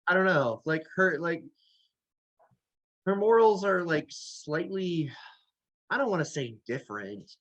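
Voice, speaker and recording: A man's voice: fairly high pitch, expressive, a little slow, pauses often, fairly bright tone, poor audio. A man co-hosting a casual film review chat, talkative, with many "like"s. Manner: talkative, laughs easily, many "like"s. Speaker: co-host.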